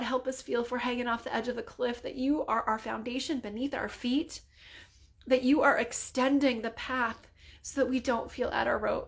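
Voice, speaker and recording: A woman leading a spontaneous spoken prayer in an earnest, conversational way, full of casual fillers and sometimes dropping to a soft near-whisper. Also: a little high. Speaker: prayer leader.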